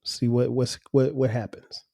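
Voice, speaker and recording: A man's voice: mid-range voice, flat delivery, unhurried, vocal fry, dark tone, slight background noise. A man hosting his own podcast, talking casually and loosely, restarting his words as he goes. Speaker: podcast host. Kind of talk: casual solo podcast talk.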